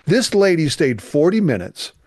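A man's voice: a little high, very animated, moderate pace, darkish tone, no room sound, clean studio sound. A middle-aged man, a youth minister, telling an emotional personal testimony in an earnest, emphatic way. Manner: earnest, emphatic, voice rising with feeling.

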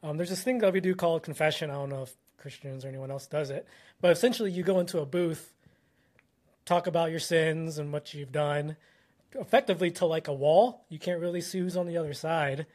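A man's voice: a little high, fairly quick, darkish tone. A man on a casual panel chat, musing tentatively. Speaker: podcast panelist.

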